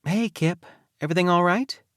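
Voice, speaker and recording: A man's voice: high voice, normal speed, fairly bright tone, no echo, clean studio sound, pitched above the performer's own voice. A male audiobook narrator voicing a young woman boss who sounds kind and concerned. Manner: friendly, concerned.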